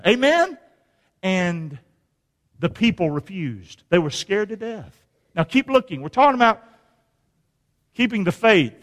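A man preaching a sermon, quizzing the congregation and rising to shouts at the peaks. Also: high voice, sing-song, measured pace, pauses often, in a large hall. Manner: preaching with call-and-response questions to the congregation; rises to shouting at climaxes. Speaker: pastor.

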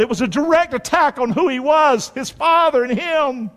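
A man's voice: very high voice, animated, moderate pace, hardly any pauses. Emphatic preacher, man. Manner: call-and-response preaching, reading scripture aloud; folksy, emphatic. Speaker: pastor. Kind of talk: sermon. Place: church. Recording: long echoey hall reverb.

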